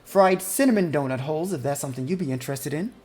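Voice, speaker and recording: A small female Harvin clerk in a tabletop game, polite and hurried, with the ums and uhs of someone juggling papers, as the game master puts her on. The voice sits at a middling pitch and rises a little as she offers refreshments. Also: animated, darkish tone, close to an everyday voice. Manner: polite and hurried, with many fillers. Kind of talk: tabletop game role-play.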